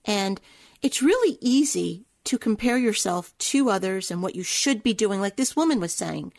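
A woman's voice: medium pitch, expressive, normal speed, creaky, darkish tone, dry recording. A woman hosting a radio show asks thoughtful, searching interview questions.

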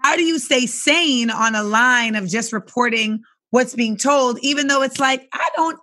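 A woman journalist interviewing a guest in casual chat, halting and full of filler words. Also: fairly high pitch, sharp tone.

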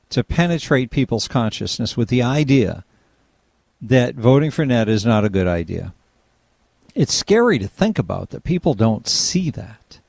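Lively talk radio host, man. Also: medium pitch, gravelly, husky, dry recording. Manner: conversational, agreeable, reacting to callers.

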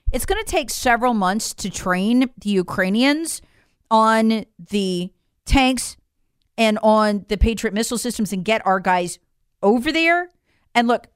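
A woman's voice: on the high side, a bit bright, dry recording, studio quality. A woman delivering an emphatic, incredulous political opinion monologue straight to her viewers. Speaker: political commentator.

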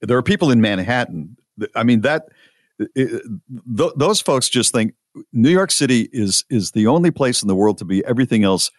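Male podcast host, animated storyteller, dry close mic. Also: mid-range voice, normal speed, dry recording. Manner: animated, mock-indignant storyteller. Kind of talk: casual storytelling.

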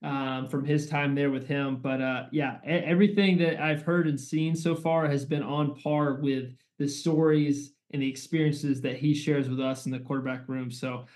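A quarterback co-hosting a casual sports podcast, talking in a measured way with fillers. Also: male voice, mid-range voice, fairly even intonation, darkish tone. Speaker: podcast co-host, college quarterback.

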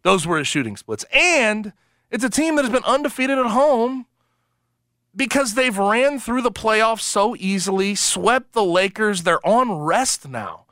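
A man hosting sports talk radio, animated and emphatic, quick to laugh. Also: sits high, no echo, studio quality. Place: radio studio.

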